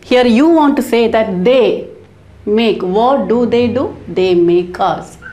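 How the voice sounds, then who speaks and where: A middle-aged woman teaching English grammar at a very unhurried pace. She walks through each example step by step and pauses to pose questions to her students. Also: a little high, dark tone. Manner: slow, careful explaining with rhetorical questions. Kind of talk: grammar lesson.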